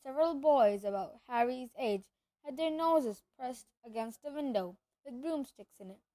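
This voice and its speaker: High-voiced woman reading a storybook aloud. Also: normal speed, no room sound. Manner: steady narration with occasional slips and restarts. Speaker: reader. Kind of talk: storybook read-aloud narration.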